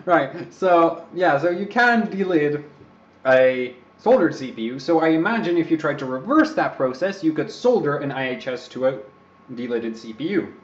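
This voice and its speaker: With a fairly high, animated voice at a moderate pace, a young Czech man hosts an overclocking stream. He wanders through casual remarks, joking and teasing himself, over roomy, slightly muffled audio.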